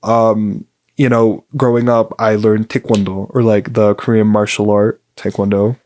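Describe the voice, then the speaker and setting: A man's voice: lowish voice, level tone, measured pace, a little mellow. A young adult man from the United States hosting a podcast, talking in a rambling, upbeat way with lots of fillers. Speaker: podcast host. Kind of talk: casual solo podcast chat.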